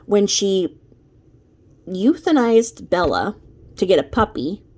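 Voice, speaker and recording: A woman's voice: medium pitch, big pitch swings, slow pace, a little mellow. A woman delivering a ranting commentary vlog from her home desk, emphatic and repetitive in her scolding. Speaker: commentary vlogger.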